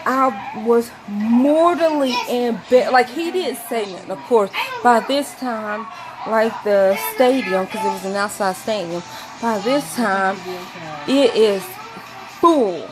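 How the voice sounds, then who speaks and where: A woman telling a rambling story to camera, acting out quotes in a high voice. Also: slow, background noise. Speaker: vlogger.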